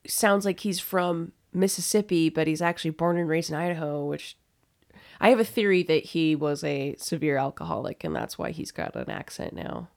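A woman's voice: low voice, normal speed, vocal fry, darkish tone. A young woman co-hosting a podcast, telling work stories in a blunt, casual way and swearing freely. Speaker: podcast co-host. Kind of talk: casual chat.

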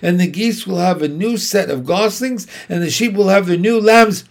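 Storybook read-aloud: man voicing a high, earnest, innocent young pig, wide-eyed and eager. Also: moderate pace, gravelly.

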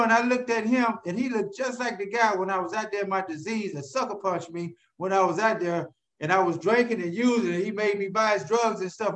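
A man telling his own recovery story to an audience in an animated way. He keeps asking rhetorical questions and calls out to listeners by name. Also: high-pitched. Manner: addresses listeners directly by name. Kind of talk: storytelling talk to a live audience.

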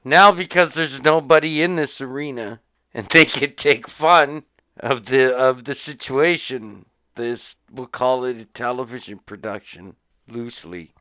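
A man's voice: a little high, smooth, no echo, narrow, tinny audio. A man co-hosting a podcast, telling a story in crude, sarcastic casual chat and swearing often. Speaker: podcast co-host.

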